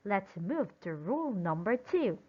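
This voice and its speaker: A woman teaching an English lesson slowly and emphatically, pausing for imagined answers and praising them. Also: mid-range voice, big pitch swings. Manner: praising and drawing out example words. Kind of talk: recorded classroom-style lesson. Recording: dull lo-fi sound.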